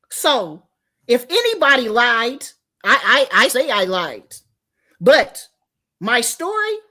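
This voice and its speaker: High-voiced profane woman streamer. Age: older. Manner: profane, animated, confrontational. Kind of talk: livestream rant.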